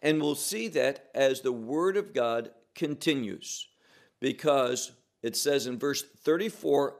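A man teaching through scripture verse by verse, slow and deliberate, leaning on single words for emphasis. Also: mid-range voice, vocal fry. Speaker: Bible teacher.

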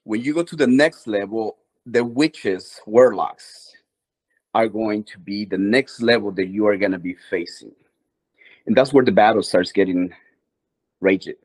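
A man's voice: fairly low pitch, measured pace, a little mellow, poor audio. A man appearing as a guest minister, answering interview questions earnestly.

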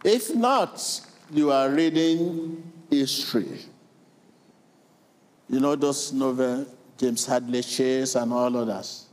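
A middle-aged male pastor preaching a sermon in a slow, deliberate way, repeating phrases rhythmically and calling on the congregation to respond. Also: medium pitch.

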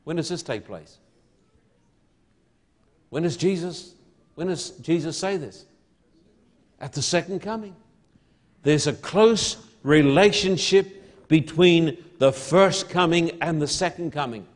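A man preaching a sermon, slow and emphatic, repeating key words and building to loud proclamations. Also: fairly high pitch.

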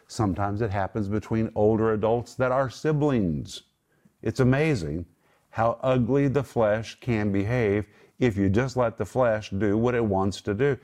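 A man leads a Bible teaching in a small group, his voice sitting a little low. He speaks emphatically and breaks each word down one at a time. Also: a little mellow. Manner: emphatic, explains words one by one.

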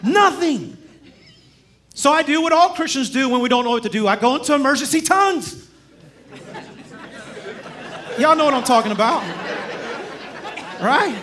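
A man as guest preacher, telling stories in a sermon in a lively, humorous way and chuckling as he speaks. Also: very high-pitched, moderate pace, pauses often, a faint crowd. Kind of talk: sermon with storytelling.

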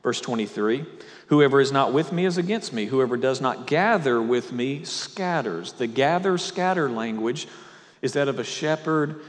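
A man's voice: medium pitch, expressive, normal speed, in a large hall. A male pastor preaching a sermon, walking through scripture verse by verse with conversational asides to his listeners.

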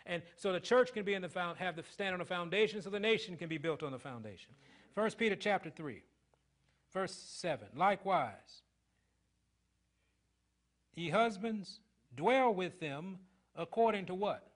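A middle-aged man with a high voice delivers a sermon to his congregation. He preaches in call-and-response fashion, throwing questions at the listeners. His delivery swings from loud, emphatic lines to hushed ones. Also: expressive, normal speed, pauses often. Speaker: pastor.

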